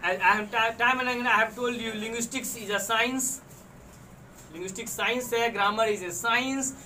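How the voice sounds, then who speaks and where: Indian English man, very high and bright tone, lecturing on video, patient and repetitive, recorded from a distance with faint background noise. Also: fairly even intonation, moderate pace. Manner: patient, explanatory, repeats and restates points.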